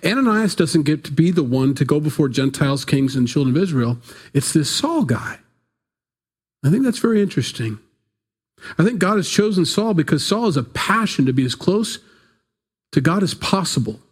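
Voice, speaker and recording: A man's voice: on the high side, sing-song, moderate pace, slightly rough. A man preaching a sermon in a casual, conversational way, telling the story with playful asides. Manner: casual storytelling, acts out biblical characters in playful voices. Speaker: pastor.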